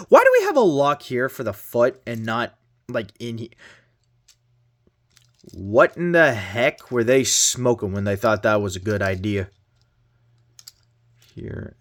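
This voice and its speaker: A Canadian man with a lowish voice casually reviews a toy. Chatty and joking, he lets slip mildly exasperated exclamations as he handles it.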